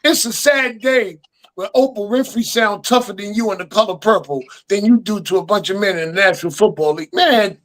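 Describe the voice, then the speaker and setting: A man's voice: high-pitched, fairly quick, a bit bright. A man on a sports panel, scornful and mocking, mimicking a whiny voice. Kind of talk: casual sports talk.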